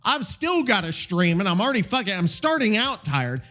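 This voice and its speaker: Soft music plays behind a high-pitched man talking at normal speed. He's hosting a solo podcast, tired-sounding but lively, with plenty of swearing as he rambles on in a casual rant.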